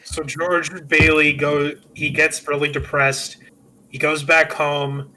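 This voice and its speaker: A man's voice: on the high side, flat delivery, slow pace, pushed and bright, slight background noise, rough recording. A man hosting a podcast, casually retelling a film with loose, swearing comedic chat. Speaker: podcast host.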